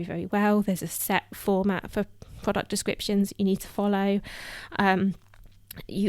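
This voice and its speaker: A woman's voice: medium pitch, a little mellow, no room sound. A woman hosting her own podcast alone, chatting in a loose, filler-heavy way and sounding a little out of breath. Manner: chatty, full of "um" fillers and restarts. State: somewhat out of breath. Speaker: podcast host. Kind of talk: solo podcast talk.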